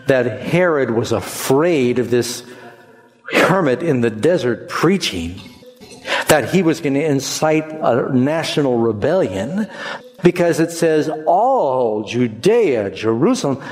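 A man preaching to his congregation in an emphatic, rhythmic way, with a voice pitched a bit high for a man. His words ring out with a long reverb tail in a large church hall. He often calls on the listeners to say a verse back with him. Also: darkish tone. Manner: emphatic, asks the congregation to repeat. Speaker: pastor. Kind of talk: sermon.

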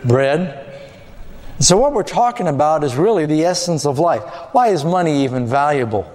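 A man's voice: fairly high pitch, lively intonation, normal speed, a little mellow. A man preaching a sermon who asks the audience questions and then answers them himself. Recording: long hall reverb.

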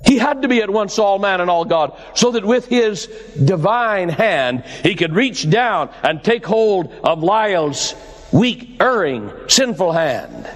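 Male pastor preaching, high voice, slow and emphatic, long echo like a big hall. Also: sing-song. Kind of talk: sermon.

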